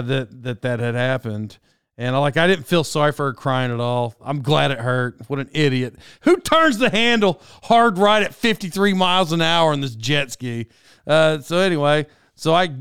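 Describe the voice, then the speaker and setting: A man's voice: mid-range voice, fairly bright tone, smooth, dry recording, studio quality. A middle-aged man telling a casual personal anecdote, rambling and self-mocking, with lots of fillers and chuckles. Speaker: storyteller.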